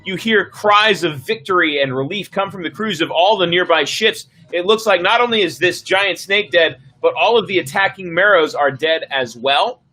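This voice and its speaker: A man running a tabletop game for friends on a livestream, narrating the scene in an easygoing way. His voice sits high and bright, and he fills his pauses with ums and uhs while he describes the action. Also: rough recording. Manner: easygoing, filler-heavy narration. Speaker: game master. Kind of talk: narrating a tabletop game over an online stream.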